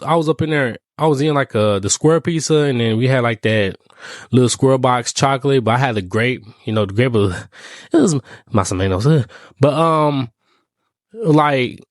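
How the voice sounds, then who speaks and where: A man's voice: mid-range voice, no echo, studio quality. Rambling young man telling a story. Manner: rambling, slangy, many fillers. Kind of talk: casual personal storytelling.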